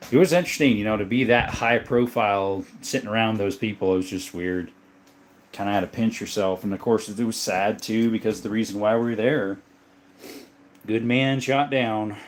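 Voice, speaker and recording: Laid-back man in his thirties. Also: medium pitch. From southern Arizona, USA. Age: 30s. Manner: laid-back, chatty, greets viewers by name. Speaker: livestream host and gun collector. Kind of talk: casual livestream chat reading comments.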